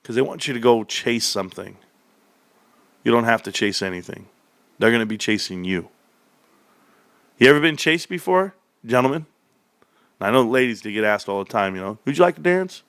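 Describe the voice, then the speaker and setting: A man's voice: on the low side, moderate pace, pauses often, dry recording. Joking man talking stock charts. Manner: animated and joking, calls viewers bro. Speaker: stock market video host. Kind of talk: casual market commentary.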